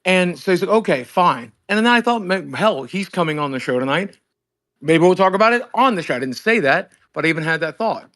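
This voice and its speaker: A man's voice: high-pitched, expressive, fairly quick, fairly bright tone. A man hosting a livestream, telling a heated phone-call story with lots of swearing and acted-out dialogue. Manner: profane, emphatic, acts out both sides of a phone call. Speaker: streamer host.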